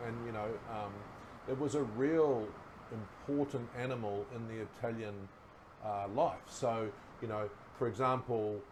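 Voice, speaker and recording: A man's voice: medium pitch, a little slow, slight background noise. Middle-aged kiwi guy spinning yarns on a chat show, easygoing, laughs a lot. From New Zealand. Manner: relaxed yarn-spinning, laughing at his own stories. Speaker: guest, former rugby player. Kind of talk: casual storytelling chat.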